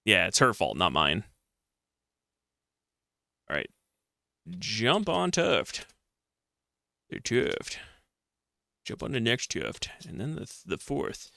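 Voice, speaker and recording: A man's voice: lowish voice, huge pitch swings, slow, vocal fry, pauses often, bright, forceful tone, no room sound, clean studio sound. A man streaming a retro adventure game, reading its text aloud and mocking himself with jokey outbursts.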